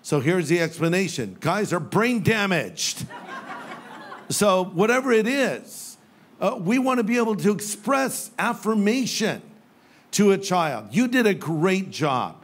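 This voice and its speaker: Older male pastor preaching, light and funny, voice a touch high. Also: very animated, a little slow. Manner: humorous storytelling with playful quoted voices. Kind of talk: sermon. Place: church sanctuary with live audience.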